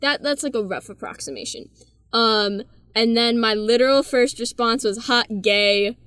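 A woman's voice: fairly high pitch, normal speed, a bit bright, smooth, no room sound. A laid-back young woman tells embarrassing stories in a loose, easy way. She is recorded close to the mic in a dry room. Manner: laid-back, says "bro" and "like" a lot. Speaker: interviewee. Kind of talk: casual storytelling.

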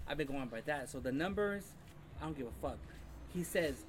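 A man with a slightly high voice speaks earnestly and quietly about podcasting on a casual show. Clear background noise sits under his voice. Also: lively intonation, brisk. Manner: earnest, low-key, swears.

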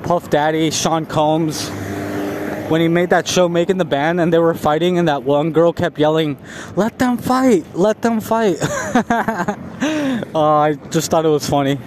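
A man's voice: a little high, unhurried, background noise. A man talking casually into his phone outdoors by a store, rambling and filling his speech with "like", laughing at himself now and then. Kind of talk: casual vlog monologue. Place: outdoors near a store and on the street.

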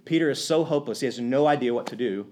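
A man's voice: medium pitch, quick pace. A man preaching a conversational sermon, retelling a story with restarts and acting out the characters' lines. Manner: animated, acts out quoted lines, many restarts.

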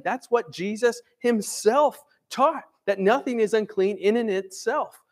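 High-voiced man preaching a casual sermon. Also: normal speed. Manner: conversational, often asks "right?". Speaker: pastor.

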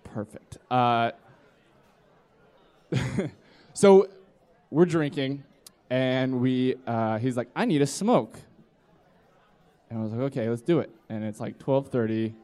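A man's voice: medium pitch, takes it slowly, long pauses, dark tone, clean tone, a faint crowd. A man in his twenties telling a drunken story on stage, rambling and acting out his friends' voices. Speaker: storyteller at a live comedy podcast. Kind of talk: live comedic storytelling. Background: live audience laughter.

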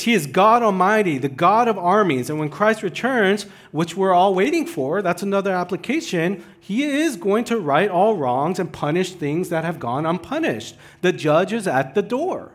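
A male pastor in full sermon mode, with a voice that sits a little high for a man. He builds to loud, urgent pleading and then drops almost to a hush to press a point home. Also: very animated, normal speed, few pauses. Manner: swings from loud urgent pleading to hushed near-whispered asides.

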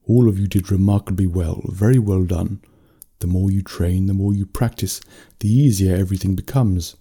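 A man voicing a calm, wise mentor who encourages children, in a bedtime story. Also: deep voice, normal speed, slightly rough.

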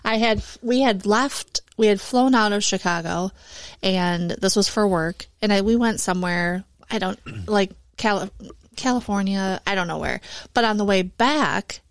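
A woman's voice: mid-range voice, a little slow, no echo. Hesitant woman in casual chat. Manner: hesitant, filler-heavy storytelling.

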